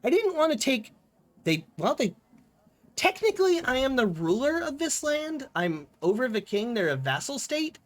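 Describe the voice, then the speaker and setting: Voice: high voice, sing-song. A co-streamer chatting casually, with casual swearing. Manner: slow, unhurried, swears casually. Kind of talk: casual chat.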